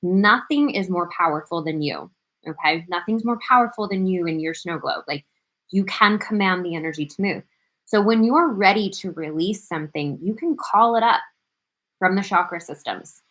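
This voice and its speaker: Earnest, lower-voiced woman coach. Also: moderate pace, fairly bright tone. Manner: earnest, heartfelt, many "like" fillers. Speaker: spiritual coach and show host. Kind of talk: live Q&A coaching talk.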